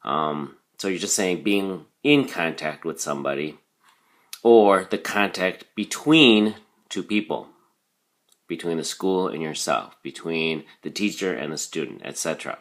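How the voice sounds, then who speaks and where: A man's voice: low voice, a little slow. A man teaching a recorded vocabulary lesson, explaining patiently with frequent ums and "okay?" check-ins.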